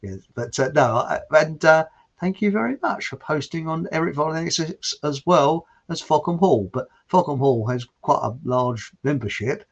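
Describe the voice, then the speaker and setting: Hosting a livestream, a man with a voice on the high side speaks expressively at a moderate pace. He reads viewer comments aloud and chats in a rambling way, chuckling and restarting loosely. The audio is dull and lo-fi.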